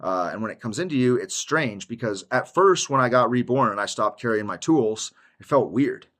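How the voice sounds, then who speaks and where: Guy rambling through his testimony, slangy, keeps saying dude, laughs mid-sentence, mid-pitched voice. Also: lively intonation, normal speed, fairly bright tone. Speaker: YouTuber giving a Christian testimony. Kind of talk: casual testimony monologue.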